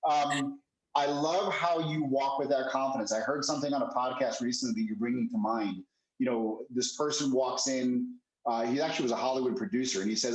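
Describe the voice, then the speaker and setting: A man hosting a podcast interview, responding to his guest with warm enthusiasm. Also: medium pitch, a little fast. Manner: enthusiastic, affirming. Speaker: podcast host. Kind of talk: casual interview chat. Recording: echoey room.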